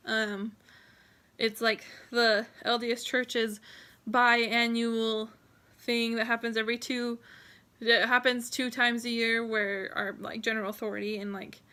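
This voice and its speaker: Speaking straight to her viewers in a personal vlog, a young woman rambles and nearly cries as she thanks them, teary at times. Her slightly high voice sounds bright and tense, and she remains open, grateful and heartfelt throughout.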